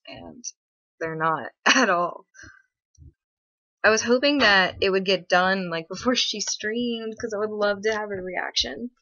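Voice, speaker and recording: A woman's voice: bright, forceful tone, no echo. A young woman hosting a casual livestream, rambling and sarcastic, with many fillers, recorded on a webcam or laptop mic. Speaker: livestream host. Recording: muffled, dry low-fi stream audio.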